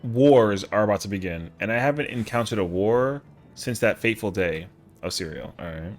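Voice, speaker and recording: A man's voice: on the low side, moderate pace, soft background music. A man streaming a game live, chatting casually with viewers in a rambling, slangy way. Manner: rambling, slangy, answers chat.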